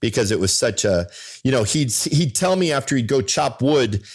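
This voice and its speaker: A man in his fifties telling stories in casual chat as a co-host, lively when quoting others. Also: mid-range voice, moderate pace, slightly rough.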